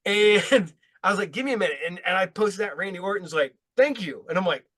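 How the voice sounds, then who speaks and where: High-voiced, rambling man. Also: animated, fairly quick, fairly bright tone. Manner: rambling, profane storyteller. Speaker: podcast host, comic store owner. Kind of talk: casual podcast chat.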